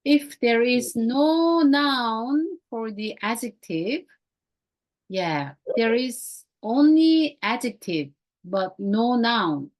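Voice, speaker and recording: Slow, high-voiced woman teaching grammar. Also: animated. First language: Korean. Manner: slow, repeats key words, non-native phrasing. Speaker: Greek teacher. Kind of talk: classroom grammar lesson.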